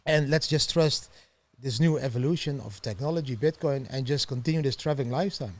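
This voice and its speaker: A middle-aged man, telling his story as a podcast guest in an animated way and laughing often. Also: mid-range voice, a little fast. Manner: animated, laughs often, acts out quoted voices. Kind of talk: storytelling interview.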